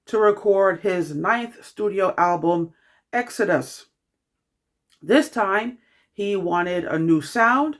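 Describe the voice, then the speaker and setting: Steady, measured film reviewer. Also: mid-range voice.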